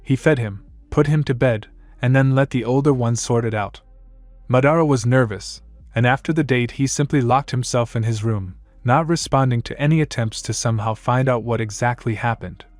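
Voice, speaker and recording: A man reading a fan-fiction story aloud in a plain, steady narrating voice. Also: mid-range voice, moderate pace, no room sound, soft background music.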